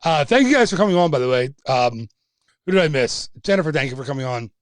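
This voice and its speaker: Young man, trivia livestream host, chatty and jokey, slightly high voice, dry close sound. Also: animated, fast, no room sound. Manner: chatty, reads out viewer answers, jokey asides.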